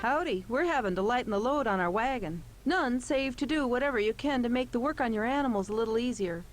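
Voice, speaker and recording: A woman's voice: on the high side, animated, fast talker, soft background music, lightly acted. A woman voicing a practical, friendly pioneer woman in a computer game. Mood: helpful.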